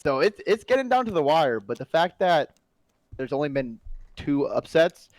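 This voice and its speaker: A man with a slightly raised pitch, chatting loosely about esports matches. His talk wanders and restarts in a relaxed podcast manner. The sound is close and dry. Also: normal speed, dry recording. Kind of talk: casual esports podcast chat.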